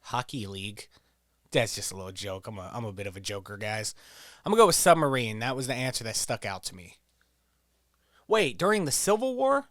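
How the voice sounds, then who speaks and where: A man's voice: mid-range voice, very animated, fairly quick, a bit bright, no echo, clean studio sound. A man giving casual, profane, joking commentary while playing a quiz video game, rambling into stories. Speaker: gameplay streamer.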